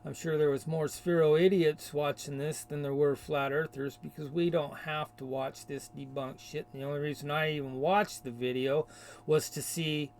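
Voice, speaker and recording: A man's voice: fairly high pitch, flat delivery, normal speed, a little mellow, a little hiss or hum. A man delivering a combative, insulting rant in a video rebuttal. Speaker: video commentator. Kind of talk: ranting rebuttal.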